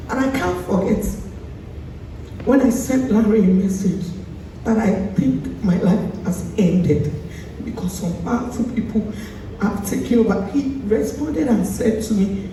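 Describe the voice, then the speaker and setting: A woman's voice: medium pitch, measured pace, dark tone. Nigerian woman pleading in an echoey hall. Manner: earnest and pleading, quoting the late friend. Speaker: speaker at a tribute event. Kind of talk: emotional tribute speech. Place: large event hall. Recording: echoey hall from far off, background noise.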